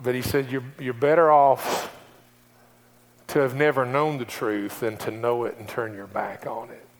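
A man's voice: medium pitch, level tone, unhurried. Man preaching in a reverberant hall. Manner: preachy, rising to emphatic exhortation, repeats key phrases. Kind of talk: sermon. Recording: long reverb of a large hall.

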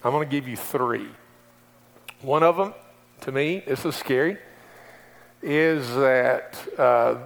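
A male preacher delivering a sermon, swinging between quiet pleading questions and emphatic calls to obey, repeating key phrases. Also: medium pitch, vocal fry. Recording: long reverb of a large hall.

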